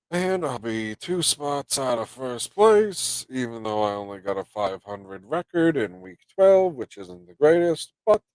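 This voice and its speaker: A man's voice: mid-range voice, a little mellow, no room sound. A stuffed-up man hosting a late-night live stream, rambling loosely and swearing between thoughts. His voice sits in a middle register, recorded dry and close on a desktop mic with no room sound. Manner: rambling, swearing, reading chat aloud. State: stuffed-up nose. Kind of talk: casual live stream chat.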